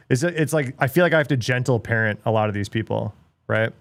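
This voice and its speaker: A man's voice: mid-range voice, fast, creaky, dry recording. A middle-aged man hosting a livestream, ranting bluntly in casual chat with lots of swearing and filler words. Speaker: livestream host.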